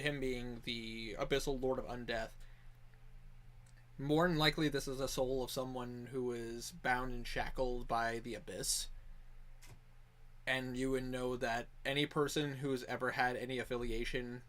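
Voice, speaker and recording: A man running a tabletop game as game master over voice chat, rambling with many fillers and restarts. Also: mid-range voice. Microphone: online voice chat.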